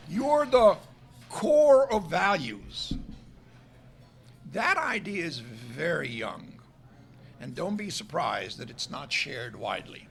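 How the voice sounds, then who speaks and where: Male lecturer, high voice with a gravelly edge, emphatic and argumentative. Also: a bit bright. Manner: emphatic, argumentative, stresses key words. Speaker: guest lecturer. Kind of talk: public lecture. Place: restaurant event room.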